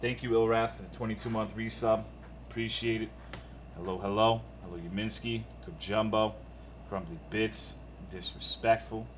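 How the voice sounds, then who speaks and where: Male streamer, lowish voice, laid-back, profane, reading chat names. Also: steady tone, moderate pace, a little hiss or hum. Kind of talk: casual live-stream chat.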